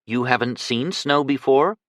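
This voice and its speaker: A man's voice: medium pitch, a little slow, no echo, studio quality, voice pushed up, lightly acted. An audiobook reader voicing a gracious, poised young woman who plays hostess, polite and curious. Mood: polite curiosity. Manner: polite, curious, brightly sociable.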